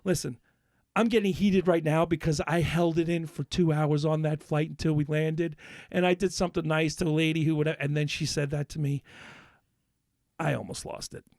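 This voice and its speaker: A man's voice: a little high, flat delivery, moderate pace, gravelly, darkish tone, dry recording, studio quality. A man on a podcast, ranting in a worked-up, swearing rush while telling a story in casual chat. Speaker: podcast co-host.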